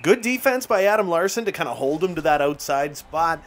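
A young man with a slightly high voice calls his hockey video game play-by-play. His tone is casual and slangy, and it jumps into excited shouts whenever a play comes together. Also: a little fast. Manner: play-by-play calling with bursts of excitement and laughs; casual, slangy, talks straight to viewers. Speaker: gaming YouTuber. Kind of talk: excited gameplay commentary.

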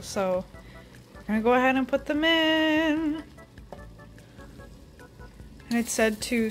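A young woman in her twenties chatting her way through a home cooking vlog, rambling and self-deprecating, with lots of "like" fillers. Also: fairly high pitch. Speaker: cooking vlogger. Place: home kitchen.

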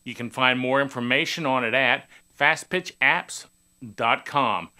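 A man hosts a sports TV show and talks straight to viewers. His voice is bright and forceful. His delivery is chatty and promotional. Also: medium pitch, a little slow. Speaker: TV show host. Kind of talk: scripted show intro and outro.

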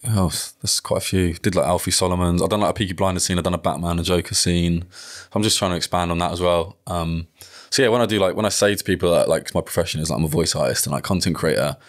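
A man's voice: low voice, quick pace, hardly any pauses. A man talking as a guest on a podcast, rambling casually with many fillers and frequent swearing.

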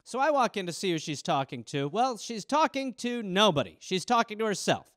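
Animated, profane man telling stories. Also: high voice, brisk, no room sound, studio quality. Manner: profane, animated, acts out quoted voices. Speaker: podcast host. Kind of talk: casual storytelling monologue.

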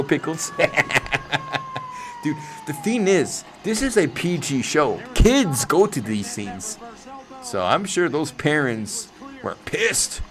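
A man hosting a casual livestream, reacting to wrestling, swearing freely and breaking into loud yells. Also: medium pitch, big pitch swings, measured pace. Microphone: desk microphone.

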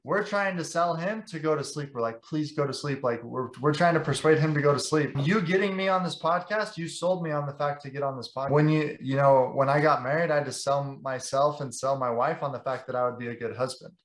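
A young man who works as a sales director talks passionately and at length in a casual podcast interview, his voice on the high side, brisk and with few pauses. The sound is reverberant, and his rambling sentences are stuffed with "like."

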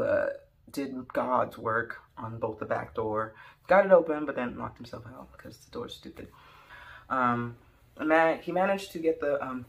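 Young adult woman vlogger, casual storyteller, animated and jokey, gravelly low edge. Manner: rambling, animated, jokey, full of "like" and "um".

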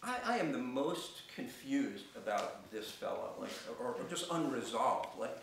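A middle-aged man telling a personal story on stage, halting, with many restarts and fillers. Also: medium pitch, big pitch swings, gravelly, slight background noise. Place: theater stage. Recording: echoey theater from far off.

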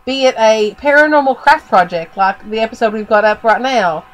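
A woman's voice: on the high side, brisk. A woman co-hosting a podcast in casual chat, rambling with many fillers while she is losing her voice from a cold. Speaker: podcast co-host.

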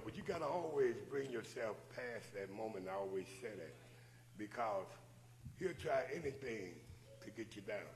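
Gravelly-voiced man preaching. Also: medium pitch, rough recording. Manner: preacherly, repeats "but you know what?" and rhetorical questions. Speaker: church minister. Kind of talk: preaching exhortation.

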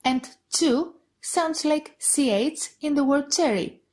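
A woman with a Greek accent teaching pronunciation on a podcast, saying each example word slowly and repeating it twice. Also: high voice, a little mellow. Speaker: Greek language tutor. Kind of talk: podcast lesson.

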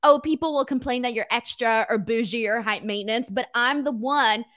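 A woman's voice: a little high, moderate pace, fairly bright tone. A woman hosting an interview, agreeing readily and working through numbered questions in a casual chat.

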